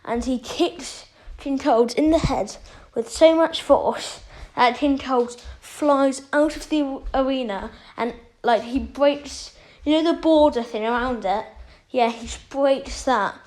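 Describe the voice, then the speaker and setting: A woman's voice: high-pitched, takes it slowly, hardly any pauses, a little mellow, poor audio. A woman casually retelling a fan story, rambling with many fillers.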